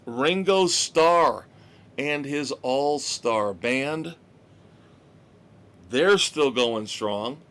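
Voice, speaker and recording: Slow-talking man hosting rock news. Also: medium pitch, fairly bright tone. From United States. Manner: chatty, opinionated, drawn-out delivery. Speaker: rock podcast host. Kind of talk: casual music news rundown.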